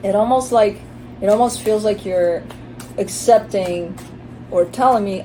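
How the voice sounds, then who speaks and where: A woman talks through a tarot spread in a loose, chatty way, blunt and unafraid to swear. Her voice is warm and mellow rather than bright. A faint hiss sits under the recording. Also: medium pitch, measured pace, rough recording. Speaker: tarot reader. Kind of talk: casual tarot reading monologue.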